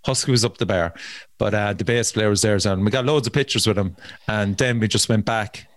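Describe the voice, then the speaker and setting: A man with an Irish accent hosting a casual chat, telling animated stories and swearing freely. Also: lowish voice, brisk, no room sound. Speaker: podcast host.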